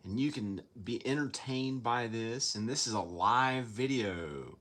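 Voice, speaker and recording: A man casually rambling through a home vlog, halting and self-deprecating as he shows his books. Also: medium pitch, fairly bright tone. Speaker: vlogger showing his book collection.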